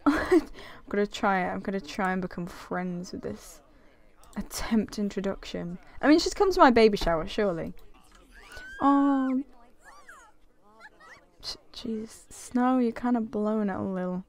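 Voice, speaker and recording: A woman's voice: medium pitch, animated, measured pace, long pauses. A young woman giving casual, giggly commentary over a life-simulation game she plays, gasping and exclaiming often. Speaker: gaming video creator. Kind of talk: casual let's-play commentary.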